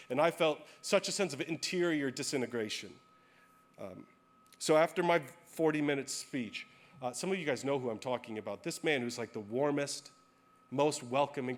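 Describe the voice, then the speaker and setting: A male pastor preaching a sermon, telling a personal story in a candid, self-deprecating way. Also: fairly high pitch.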